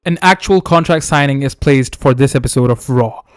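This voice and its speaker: A man hosting a wrestling video, narrating a made-up storyline in a steady storytelling way. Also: medium pitch, moderate pace, smooth, dry recording, clean studio sound. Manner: steady storytelling, reads quotes in his own voice. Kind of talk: fantasy booking narration.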